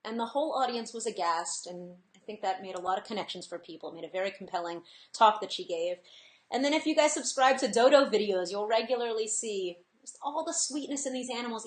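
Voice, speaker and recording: A woman's voice: fairly high pitch, a little fast. A woman in her thirties hosting a webinar, talking in a chatty, earnest way with frequent fillers and laughs. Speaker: webinar host. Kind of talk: casual presentation. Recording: echoey room.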